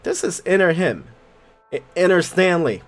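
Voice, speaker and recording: A man giving casual let's-play commentary on a game. He swears freely, laughs often and reacts loudly. His voice is slightly high and moves through a wide range of pitch. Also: big pitch swings, moderate pace. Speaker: gaming video host.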